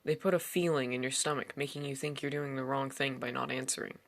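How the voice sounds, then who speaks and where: A man's voice: mid-range voice, steady tone, brisk, creaky, fairly bright tone. A man reading a first-person horror story aloud in a tense storytelling manner. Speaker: narrator. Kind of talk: scripted horror story narration.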